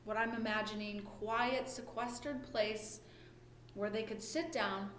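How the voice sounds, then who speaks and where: A woman's voice: mid-range voice, steady tone, a little slow, fairly bright tone, a little hiss or hum. Woman preaching conversationally in an echoey room. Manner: conversational, asks "right?" often. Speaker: pastor. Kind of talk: sermon. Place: church or home during lockdown worship. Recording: echoey room with faint ambience.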